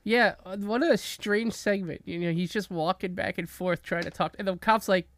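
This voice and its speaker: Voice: mid-range voice, moderate pace, a bit bright, no echo, studio quality. A podcast co-host in casual wrestling chat, making jokes and teasing his partner. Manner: jokey, teasing banter.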